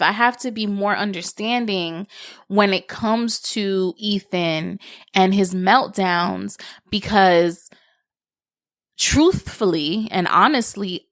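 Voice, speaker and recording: A young adult woman hosting a solo podcast, thinking out loud in a conversational, reflective way with lots of casual fillers. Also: mid-range voice, no room sound, clean studio sound. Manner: reflective, conversational, many "you know" fillers. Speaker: podcast host.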